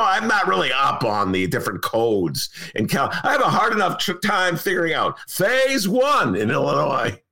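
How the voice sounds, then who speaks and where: A man's voice: on the high side, bright, forceful tone. A man hosting a talk radio show, delivering an opinionated monologue with sarcasm and frequent laughter.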